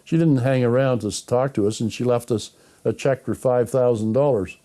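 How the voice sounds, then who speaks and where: An older Canadian man, interviewed as a guest, speaks at a moderate pace in a mellow, medium-pitched voice. He recounts anecdotes and acts out conversations he remembers.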